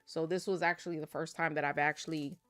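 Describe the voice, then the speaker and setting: A woman's voice: low voice, fairly even intonation, fast, fairly bright tone, dry recording, soft background music. A young adult woman vlogger chatting casually and laughing often while opening card packs.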